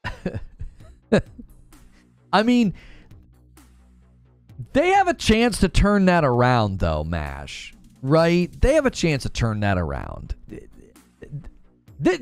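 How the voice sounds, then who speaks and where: A man's voice: medium pitch, a little mellow, no echo. A man chatting casually on a gaming live stream, rambling and correcting himself as he talks. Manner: rambling, self-correcting, laughs often.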